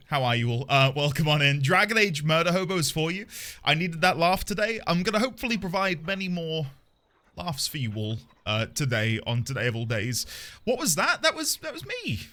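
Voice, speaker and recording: Bright, lively, playful male streamer. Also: fairly high pitch. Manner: playful, theatrical, laughs often. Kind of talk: live game stream chat.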